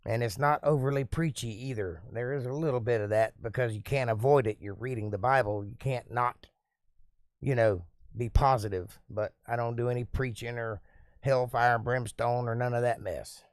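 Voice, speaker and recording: A man's voice: medium pitch, moderate pace, no room sound. Chatty male live-stream host, dry sound. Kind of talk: casual live-stream chat, reading comments aloud.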